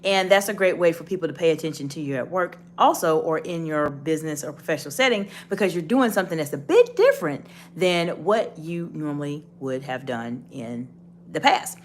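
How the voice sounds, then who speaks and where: A woman's voice: low voice, animated, fairly quick, slight background noise. A woman giving a leadership coaching lesson, talking straight to the viewer in an encouraging, instructive way. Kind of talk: direct-to-camera coaching talk.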